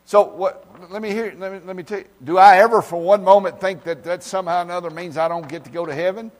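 Folksy preacher in a reverberant hall. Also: male voice, fairly even intonation, quick pace. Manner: folksy, talks directly to congregation members by name; swings from loud emphasis to low asides. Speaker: pastor. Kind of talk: informal sermon. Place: church.

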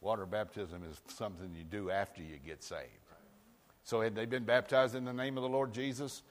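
A man preaching a sermon in a folksy way, moving from loud outbursts to quiet asides. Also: fairly low pitch, steady tone, normal speed, long reverb tail. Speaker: pastor.

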